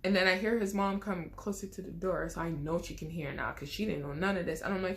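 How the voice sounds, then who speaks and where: A young woman vlogger telling a personal story in a lively, expressive way, with casual slang. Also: on the low side, normal speed, creaky, few pauses, slight background noise.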